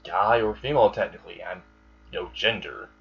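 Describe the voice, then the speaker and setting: Girlish-looking young man, put on by a man, blunt, exasperated, lowish voice, lo-fi sound. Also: moderate pace, vocal fry, fairly bright tone, breathy edge, exaggerated voice.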